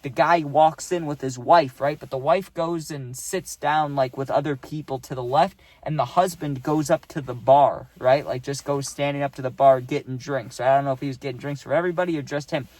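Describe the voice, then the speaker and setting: A young man casually telling a storytime, rambling and dropping "right?" and "dude" as he goes, acting out quotes in animated voices. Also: medium pitch, a little fast, few pauses, no echo.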